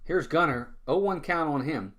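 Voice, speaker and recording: A man's voice: a little high, moderate pace, a bit bright. A man calling live baseball play-by-play in a casual, chatty way, often repeating words and talking to his viewers. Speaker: fan play-by-play streamer.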